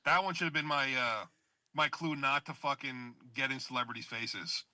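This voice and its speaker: A man's voice: medium pitch, normal speed, sharp tone, no echo. A man in his late thirties telling self-deprecating stories in casual podcast chat, swearing casually. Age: 30s.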